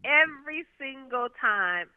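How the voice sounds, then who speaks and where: A woman guest telling candid stories with a blunt, lively manner, often laughing, heard over a phone call. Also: sits high, a little slow, no room sound. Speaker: interview guest. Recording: tinny phone line.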